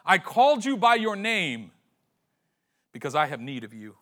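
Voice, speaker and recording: A man preaching a sermon, retelling a story with slangy acted-out voices and dramatic pauses. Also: high voice, very animated, fairly bright tone. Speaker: pastor.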